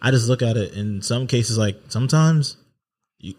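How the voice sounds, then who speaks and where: A man from Delaware in a loose podcast conversation, voice sitting in a mid register. He talks haltingly, restarting sentences and piling on fillers as he works out his point. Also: medium pitch, a little mellow. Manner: hesitant, many restarts and fillers. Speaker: podcast co-host. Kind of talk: casual chat.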